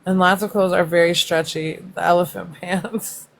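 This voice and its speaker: A woman's voice: lowish voice, fairly even intonation, normal speed, gravelly. Laughing, foul-mouthed woman livestreamer. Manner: laughs often, swears freely, loud joking asides. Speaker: livestream host. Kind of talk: casual live chat reacting to comments.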